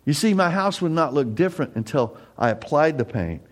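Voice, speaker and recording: Earnest, conversational middle-aged preacher. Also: male voice, on the high side, animated, brisk. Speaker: pastor. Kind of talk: sermon.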